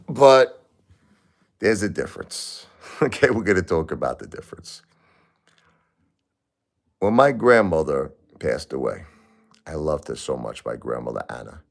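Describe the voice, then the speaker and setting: A man hosting a livestream, grieving and halting as he talks, often repeating himself. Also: rumbling low, expressive, creaky. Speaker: livestream host. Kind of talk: emotional livestream talk.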